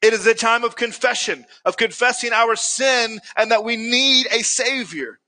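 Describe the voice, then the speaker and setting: Bright-voiced male pastor preaching in a hall. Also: very high-pitched, normal speed. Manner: earnest, builds to emphatic peaks. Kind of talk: sermon.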